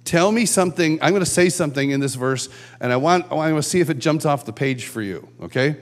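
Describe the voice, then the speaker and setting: A man giving a conversational sermon at a conference, telling stories and acting out shouted quotes. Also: on the high side, expressive, fast talker. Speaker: conference speaker. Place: large church hall.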